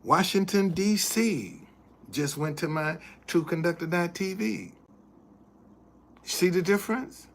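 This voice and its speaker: A man's voice: sits high, slow, a little hiss or hum. A man hosting a casual live stream, talking earnestly, repeating himself and thanking viewers as he goes. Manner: shows items to the camera while talking.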